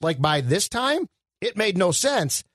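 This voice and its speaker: A man's voice: high-pitched, sing-song, unhurried, a bit bright, dry recording, clean studio sound. Rambling man on a movie podcast. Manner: rambling, hedging, thinks aloud. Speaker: podcast co-host. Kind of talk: casual film discussion.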